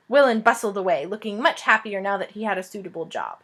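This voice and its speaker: A woman reading a children's fantasy book aloud in a lively, expressive way. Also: medium pitch, fast talker. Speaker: reader. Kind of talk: storybook read-aloud narration.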